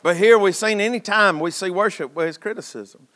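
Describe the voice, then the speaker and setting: A man preaches, folksy and impassioned, his high, bright voice swinging from shouts down to hushed tones. The sound carries a long reverb from the church sanctuary. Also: brisk. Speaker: pastor. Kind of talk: sermon.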